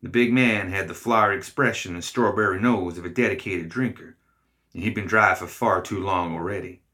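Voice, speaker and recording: Low-voiced, bright storybook narrator. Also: male voice. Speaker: reader.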